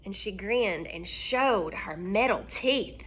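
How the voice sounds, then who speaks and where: A woman reading a children's storybook aloud, expressive and asking her listeners questions. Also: medium pitch, takes it slowly, slightly rough.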